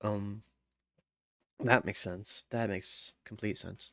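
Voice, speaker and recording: A man's voice: fairly low pitch, fairly even intonation, takes it slowly, vocal fry, pauses often, fairly bright tone, no echo, clean studio sound. A man casually thinking aloud while composing music, mumbling, trailing off and half-singing lyric lines to himself. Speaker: music maker.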